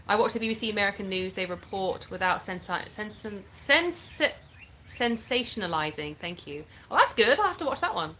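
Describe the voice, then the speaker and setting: A woman's voice: medium pitch, lively intonation, fairly quick, sharp tone, a little hiss or hum. An English woman hosting a casual livestream, chatting upbeat and greeting viewers by name. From England. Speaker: livestream host. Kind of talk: casual live-stream chat reading comments. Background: birdsong.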